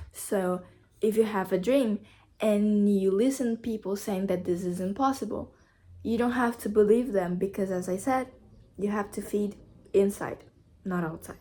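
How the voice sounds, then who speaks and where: A woman's voice: mid-range voice, dark tone, a little hiss or hum. Brazilian woman with earnest vlog advice. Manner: earnest, repetitive, simple phrasing. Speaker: vlogger. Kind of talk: casual motivational chat.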